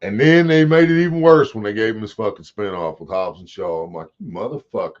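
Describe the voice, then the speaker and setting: Guy livestreaming, cussing a lot, kinda low voice, muffled lo-fi audio. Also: fairly quick. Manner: profane, rambling, talks to chat. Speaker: livestream host. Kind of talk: casual livestream chat. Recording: dull lo-fi stream audio.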